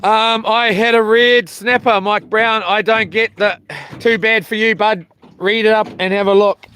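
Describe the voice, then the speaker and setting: A man's voice: high voice, fairly even intonation, measured pace, bright, forceful tone, a little hiss or hum. A man, rambling and joking to his live chat from a small boat while fishing, with lots of ums. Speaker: fishing livestreamer.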